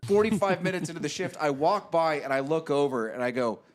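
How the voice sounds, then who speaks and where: A man's voice: a little high, lively intonation, a little fast. Dry-humored man telling stories. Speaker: podcast guest. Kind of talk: casual chat.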